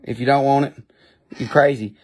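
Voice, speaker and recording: A man's voice: medium pitch, steady tone, moderate pace, breathy edge. A man with an Appalachian accent selling rocks on a live stream, rambling and joking in a casual chat. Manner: joking, rambling, playful funny voices. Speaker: live-stream rock seller.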